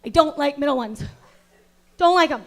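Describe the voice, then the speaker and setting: Playing a pompous acting coach, a woman performs stand-up with crowd work at a comedy club. She speaks at a moderate pace in a very high voice, swinging from deadpan lecturing to abrupt, outraged shouting.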